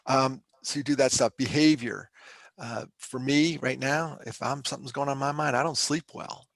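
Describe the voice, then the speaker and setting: A man's voice: mid-range voice, fairly even intonation, moderate pace, vocal fry, a bit bright, no echo. A middle-aged man from Pennsylvania, a podcast guest and mental health speaker, telling his story candidly in a conversational, emotional, self-deprecating way.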